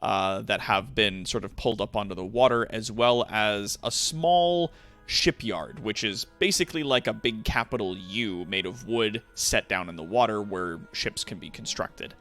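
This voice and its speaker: A man narrating a tabletop game as game master, relaxed, with frequent fillers. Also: fairly low pitch, normal speed, soft background music.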